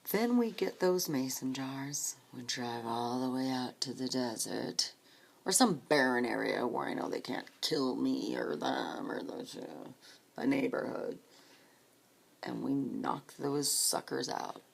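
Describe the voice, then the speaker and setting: A woman telling her own story of supporting grieving people, speaking softly and often dropping to a whisper, tearful at times. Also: extremely low pitch, slow pace, creaky, breathy edge. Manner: soft, hushed, often breaking into a whisper. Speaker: grief support volunteer. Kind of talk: personal storytelling.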